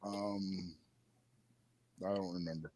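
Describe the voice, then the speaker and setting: A man's voice: sits low, steady tone, slow, a little mellow. A man co-hosting a wrestling podcast, recapping the action in a loose, casual way with some swearing. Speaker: podcast co-host. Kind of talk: casual chat.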